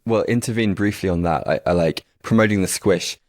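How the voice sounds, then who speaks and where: Deep-voiced hesitant podcast host. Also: male voice, brisk, darkish tone, no room sound, clean studio sound. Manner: hesitant, searching, with fillers. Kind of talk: reflective interview questions.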